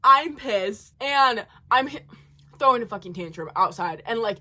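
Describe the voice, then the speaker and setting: A woman's voice: a little high, animated, normal speed, sharp tone. A young woman in college telling a profane, heated storytime rant in her own rambling way. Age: young adult. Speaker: college student vlogger.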